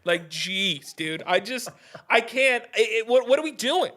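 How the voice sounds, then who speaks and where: A fairly high-pitched young man rants into his podcast mic, heated and profane. He stumbles through restarts and keeps calling the listener "dude." The talk is casual and loose. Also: lively intonation, measured pace, bright, forceful tone. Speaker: podcast host. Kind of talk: casual ranting podcast monologue.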